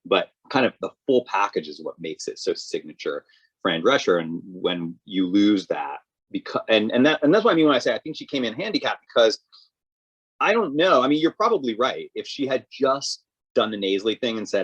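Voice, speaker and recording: A man co-hosting a podcast, talking casually with halting, restarting sentences. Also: lowish voice, very animated, slightly rough, dry recording, highs cut off. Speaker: podcast co-host. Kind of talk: casual chat.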